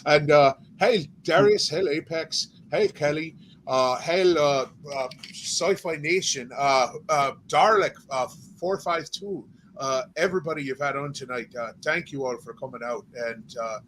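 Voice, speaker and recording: A man with a somewhat high voice chats loosely as a livestream guest, sounding worn out. He keeps it laid-back and drops casual swears. A faint hiss of noise sits under his voice. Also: unhurried, fairly bright tone, rough recording. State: tired.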